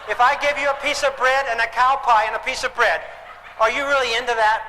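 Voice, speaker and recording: A man's voice: very high-pitched, fairly even intonation, brisk, bright, forceful tone. An older man giving a live parenting lecture, folksy and joking, often asking the audience questions. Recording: hall reverb, faint background noise.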